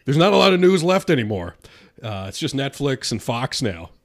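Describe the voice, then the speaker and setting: A man co-hosting a comedy podcast in casual chat. He jokes and riffs playfully, with a mid-pitched voice. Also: very animated, normal speed. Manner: joking, playful riffing. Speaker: podcast co-host.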